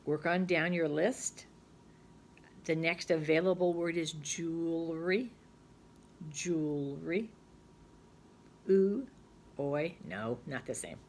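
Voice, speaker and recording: Chatty woman teacher, slow sounding-out. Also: deep voice, slight background noise. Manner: patient, chatty, thinks aloud and sounds words out slowly. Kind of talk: recorded phonics lesson for children.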